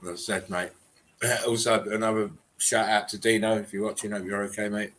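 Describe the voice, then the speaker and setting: A man's voice: fairly low pitch, level tone, fairly quick, a bit bright. A man co-hosting a livestream, talking casually with many fillers and restarts. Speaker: stream co-host.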